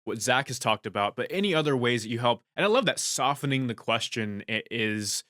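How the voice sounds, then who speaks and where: Male podcast host, bright and forward tone, dry close sound, loose questions that circle back on themselves. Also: mid-range voice, animated, fairly quick, dry recording. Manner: long, winding questions with restarts. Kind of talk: interview questions.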